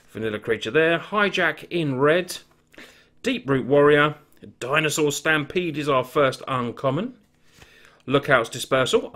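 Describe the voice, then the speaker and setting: A man's voice: mid-range voice, a bit bright. A man hosting his card game channel, giving casual, upbeat commentary while opening packs and reading card names and rules aloud.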